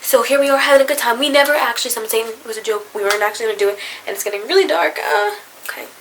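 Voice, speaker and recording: A young woman tells a storytime vlog in a lively, profane rush, her voice sitting a bit high. She records on a camera mic in a dim room with a faint hiss underneath. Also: very fast, low-quality recording. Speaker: vlogger.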